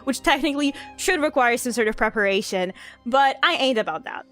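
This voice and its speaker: A woman's voice: sits high, expressive, a little fast, fairly bright tone, soft background music. A woman hosting a live stream in casual chat, joking and laughing often. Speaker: streamer host.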